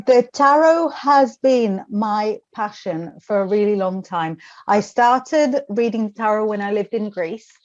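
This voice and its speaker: A woman in her forties talks as a guest in a casual interview, chatty and wry with a self-mocking streak. Her voice sits at an ordinary middle pitch. The recording is a little dull and lo-fi. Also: measured pace, few pauses, darkish tone. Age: 40s. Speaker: tarot reader, interview guest.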